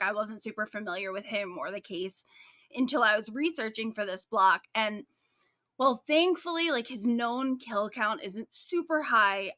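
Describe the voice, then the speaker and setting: A woman's voice: mid-range voice, dry recording, clean studio sound. A woman co-hosting a true-crime podcast, retelling the story in a casual, sarcastic way, full of "like"s. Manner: animated, sarcastic storytelling with frequent likes. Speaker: podcast co-host.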